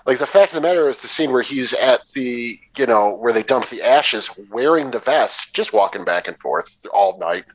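A man's voice: mid-range voice, lively intonation, normal speed, few pauses, no room sound, low-quality recording. A man co-hosting a film podcast, talking casually with profanity and jokey asides about a movie. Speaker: podcast co-host.

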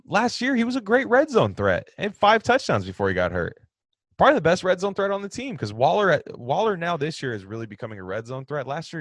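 A man hosts a casual sports talk, fielding fan questions in an animated rant that swings between loud outbursts and low mutters. The recording is dry, with clean studio sound.

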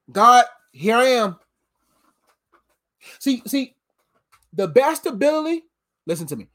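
A preacher giving a loose, casual sermon, talking in animated street slang and breaking into laughter often. The voice sounds tired after a long week but keeps pushing the energy up and down. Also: medium pitch. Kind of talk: informal sermon.

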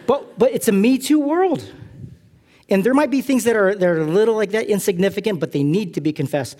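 Animated preaching man from California. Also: high-pitched, fairly quick. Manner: animated, self-deprecating storytelling. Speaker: pastor. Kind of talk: sermon.

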